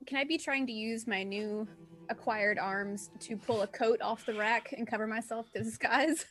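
A woman's voice: on the high side, fairly even intonation, normal speed, a bit bright, soft background music. A woman from the southern United States with a Southern American accent, chatting eagerly and laughing as a tabletop player. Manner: giggly, eager. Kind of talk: casual tabletop chat.

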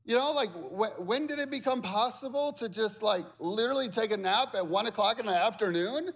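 A male pastor preaching a sermon, animated and conversational, with humor and acted-out quotes. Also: high-pitched, a little fast. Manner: acts out quoted voices with big swings in loudness.

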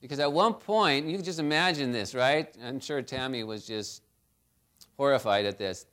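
A man preaching a sermon as pastor, telling a story and then urging his church, with big swings between loud and quiet. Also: mid-range voice, normal speed.

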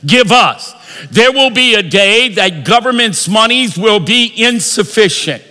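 A man preaching a sermon as pastor, leading the congregation in call-and-response and rising into shouts. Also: high voice, animated, a little slow. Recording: long reverb of a large hall.

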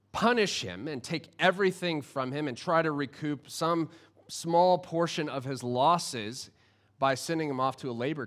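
A male pastor preaches a sermon in a fairly high voice. He retells a parable earnestly, often stopping and restarting mid-thought. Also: fairly bright tone.

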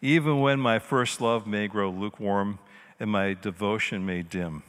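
A man preaching a sermon as a pastor, swinging between loud emphasis and quiet, intimate passages. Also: on the low side, unhurried. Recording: long hall reverb.

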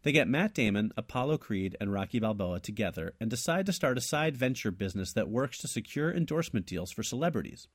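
Lively man spinning a playful story. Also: on the low side, brisk, few pauses, no echo, clean studio sound. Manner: animated, laughs often, trails off and restarts. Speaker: podcast co-host. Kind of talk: casual chat, telling a made-up story ending.

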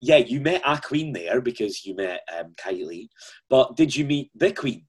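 Husky-voiced man asking playful questions. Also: medium pitch, expressive, normal speed. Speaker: interviewer. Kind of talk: casual interview chat.

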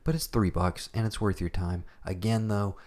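A man's voice: deep voice, steady tone, moderate pace, a little mellow. A man co-hosting a podcast from his apartment late at night, rambling loosely and laughing often. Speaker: podcast co-host. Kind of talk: casual late-night chat. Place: home apartment.

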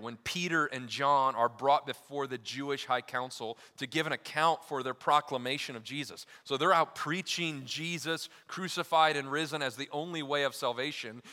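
A male pastor delivers a sermon with a bright, forceful voice that carries through a big echoing sanctuary. He pushes hard on key phrases, then drops nearly to a hush, and slips into loose, chatty asides. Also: mid-range voice. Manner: emphatic preaching with wide swings in loudness, dropping to near-quiet for key lines; casual asides with fillers like "like" and "you know".

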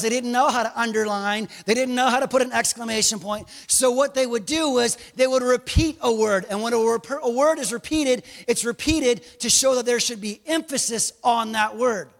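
A man preaching a sermon as pastor, animated, with joking asides and bursts of raised emphasis. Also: very high-pitched, in a large hall.

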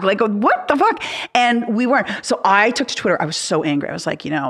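A woman's voice: mid-range voice, a little fast, slightly rough. A middle-aged woman hosting a podcast, her voice sitting in an ordinary middle range. She talks bluntly and swears freely, telling her stories with plenty of heat. It is a loose, casual chat. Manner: blunt, swears freely, vents with animated storytelling. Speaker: podcast host.

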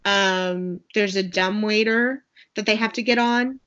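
A woman's voice: medium pitch, steady tone, unhurried, fairly bright tone, smooth. Rambling chatty woman, lo-fi. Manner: rambling, many fillers and asides. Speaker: podcast co-host. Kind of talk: casual chat recapping a movie. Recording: dull lo-fi sound.

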